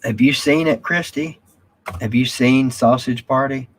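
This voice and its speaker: A man's voice: medium pitch, measured pace, slight background noise. A man hosting a casual live stream, rambling and reading viewer comments aloud.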